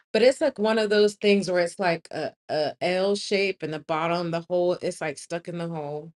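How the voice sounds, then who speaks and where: A woman host telling a personal story in a loud, animated, emphatic way. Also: fairly low pitch. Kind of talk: casual storytelling.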